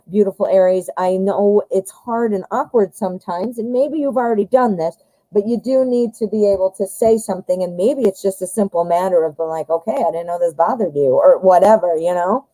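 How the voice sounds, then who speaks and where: A woman's voice: mid-range voice, dark tone, no echo, low-quality recording. A woman giving a live-stream tarot reading, chatting directly to viewers with lots of fillers and friendly asides. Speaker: tarot reader.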